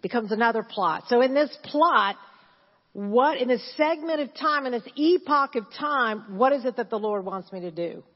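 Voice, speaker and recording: A woman in her sixties preaching a sermon as pastor, animated and laughing, repeating phrases and chanting. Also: a little high, moderate pace. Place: church. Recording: dull sound in a reverberant church hall.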